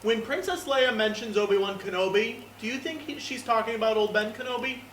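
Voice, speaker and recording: Dry host, distant in a roomy space. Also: male voice, brisk, a bit bright, slight background noise. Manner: dry, low-key interjections. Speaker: talk show host.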